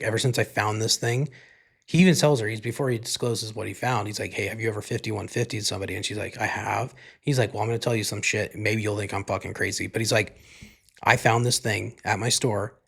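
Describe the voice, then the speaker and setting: Young male podcast host, casual solo recap, profane, filler-heavy, mid pitch. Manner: loose and profane, many fillers, acts out lines in quotes. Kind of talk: casual solo podcast, retelling a movie plot.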